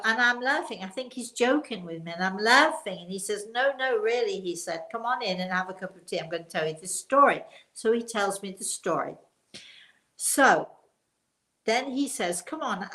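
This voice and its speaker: A woman's voice: mid-range voice, fairly bright tone. An older woman, a spiritual teacher, telling a rambling personal anecdote with quoted dialogue. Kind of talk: storytelling talk. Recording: roomy echo.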